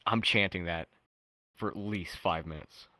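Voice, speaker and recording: A man's voice: deep voice, measured pace, pushed and bright, no echo, low-quality recording. A man telling a casual, chuckling story as a guest on a voice-chat podcast.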